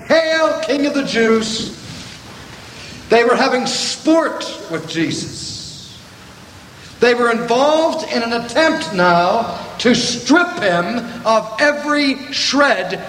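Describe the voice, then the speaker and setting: An older man preaching a sermon to a gathering, slow and deliberate with dramatic pauses. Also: sits high, a bit bright, slight background noise. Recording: echoey hall from a distance.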